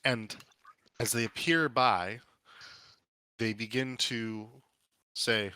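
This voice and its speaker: A man narrating as game master in a tabletop game, halting and restarting as he goes. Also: mid-range voice, fairly even intonation, bright, forceful tone, smooth, dry recording.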